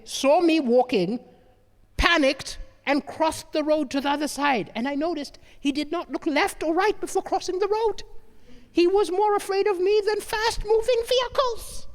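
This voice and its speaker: A man from southern Africa doing a stand-up comedy set on a live stage, telling stories in an animated way, restarting with stammers and tossing in "right?" asides. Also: extremely high pitch, in a large hall.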